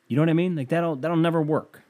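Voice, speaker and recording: A man's voice: a little high, steady tone, fast talker, a little mellow. A young man hosting a podcast, riffing in a casual comedic monologue, rambling and wry with lots of fillers. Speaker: podcast host.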